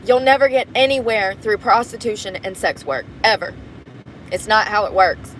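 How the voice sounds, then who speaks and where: Blunt, bright-voiced woman venting on a livestream. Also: on the high side, moderate pace, slight background noise. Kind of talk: casual livestream chat. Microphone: phone.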